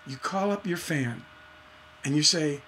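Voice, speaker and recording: A man teaching songwriting in a casual, animated way, acting out scenes as he talks. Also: a little high, a little slow, a little hiss or hum. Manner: animated storytelling, acts out voices. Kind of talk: casual instructional talk.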